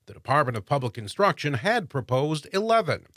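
A man reading state news headlines on radio in a crisp delivery. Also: on the high side, big pitch swings, a little fast, a bit bright, no echo, studio quality. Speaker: news anchor. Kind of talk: radio newscast.

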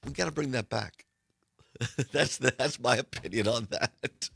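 A middle-aged man hosting live talk radio from a studio. He is slightly hoarse, and he talks in an upbeat, chatty way with fillers. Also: medium pitch, unhurried, fairly bright tone. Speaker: radio talk show host.

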